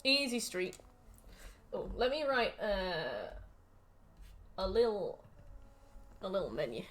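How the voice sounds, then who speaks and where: A woman's voice: mid-range voice, sing-song, takes it slowly, fairly bright tone. A woman with an English accent chatting casually as she plays, reading out ingredients and ranting jokily with some swearing. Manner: swearing, reads out ingredients, jokey rants. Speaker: streamer. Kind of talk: casual gameplay commentary.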